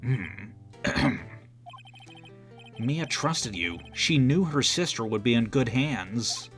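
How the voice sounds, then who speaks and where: A man's voice: mid-range voice, animated, slow, fairly bright tone, faint music behind. A young man voicing a game's dialogue, with jokey, self-mocking asides. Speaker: let's play voice actor. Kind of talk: game playthrough with voiced dialogue.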